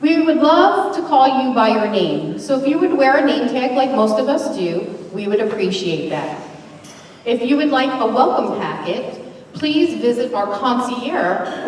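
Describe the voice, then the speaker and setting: A woman's voice: a little high, lively intonation, measured pace, a little hiss or hum. A woman serving as platform assistant at a church service, making chatty, upbeat welcome announcements and laughing often. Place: large church hall. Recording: echoey hall from far off with congregation.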